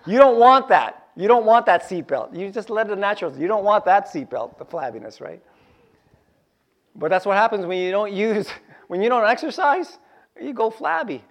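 Animated joking male preacher. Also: sits high, moderate pace. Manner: animated, joking asides, repeats key phrases. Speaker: pastor. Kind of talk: sermon.

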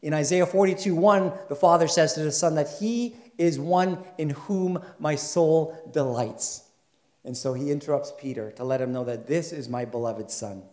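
A man's voice: a little high, moderate pace. Man preaching a conversational sermon in an echoey room. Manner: conversational, asks the congregation questions; builds to loud, emphatic passages. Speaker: pastor.

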